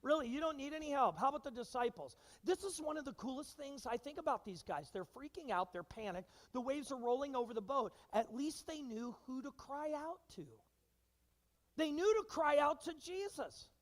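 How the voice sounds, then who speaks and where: A man preaching a sermon as pastor, animated and engaging his congregation with questions and acted-out quotes. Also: extremely high pitch, a little fast, few pauses, big-room sound. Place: church sanctuary.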